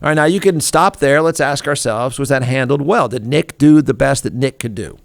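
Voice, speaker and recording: Snarky gravelly male talk host. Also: mid-range voice, normal speed, dry recording, clean studio sound. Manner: snarky, irreverent, laughing often. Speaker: radio show host. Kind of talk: comedic talk show rant.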